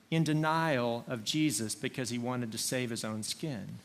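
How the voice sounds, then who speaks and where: A man preaching a sermon, slow and earnest, leaning on single words for emphasis. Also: mid-range voice. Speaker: pastor.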